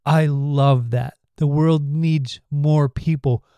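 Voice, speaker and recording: A man's voice: fairly high pitch, fairly even intonation, slow, dark tone, clear, resonant tone, dry recording. A man co-hosting a faith podcast, talking earnestly and acting out little quotes with laughs. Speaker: podcast co-host.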